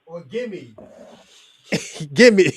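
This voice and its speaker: A man's voice: high-pitched, animated, very slow. A male host in casual chat, loose and joking, laughing often and using street slang.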